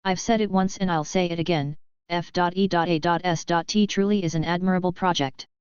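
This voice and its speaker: Excitable middle-aged doctor, read by a woman. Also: fairly low pitch, brisk, smooth, no room sound, close to an everyday voice. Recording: dull lo-fi recording.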